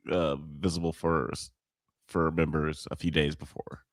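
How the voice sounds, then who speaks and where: A man's voice: extremely low pitch, level tone, measured pace, no echo, studio quality. A man co-hosting a live podcast, laid-back and hesitant, with lots of "uh" fillers. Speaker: podcast co-host. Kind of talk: casual live-stream chat.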